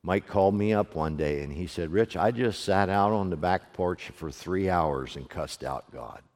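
A middle-aged man preaching a sermon to his congregation, moving from hushed storytelling to loud, fervent preaching. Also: low-pitched, normal speed. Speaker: pastor. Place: church sanctuary, also streamed online. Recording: long hall reverb.

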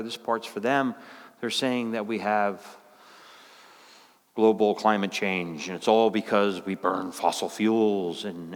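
Preaching a sermon in a folksy, conversational style, a man drops low and quiet, then climbs high and loud. The sound has a big-room quality.

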